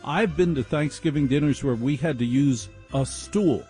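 A man's voice: mid-range voice, normal speed, mellow, breathy edge, faint music behind. Sardonic male radio host. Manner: sardonic, playful. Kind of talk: comedic radio monologue. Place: laundry room. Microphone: video call.

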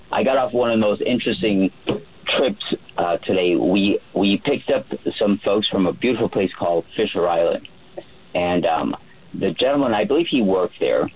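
A man's voice: deep voice, darkish tone, slightly rough, rough recording. A man working as a private yacht chef, telling stories in a rambling way with many fillers on a radio show. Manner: rambling, lots of fillers and restarts.

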